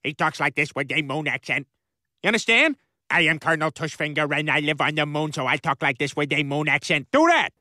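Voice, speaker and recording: Blustery nasal cartoon dad, bouncy highish voice, bright and dry. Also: male voice, big pitch swings, brisk, dry recording. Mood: exasperated. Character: loud dim-witted middle-aged cartoon dad. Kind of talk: animated sitcom dialogue.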